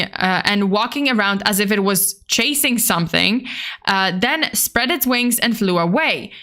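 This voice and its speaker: Bright-voiced chatty woman streamer. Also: medium pitch. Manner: rambling and chatty, with tangents and self-corrections; reads out and answers chat messages. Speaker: VTuber streamer and host. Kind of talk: casual livestream chat about cryptids.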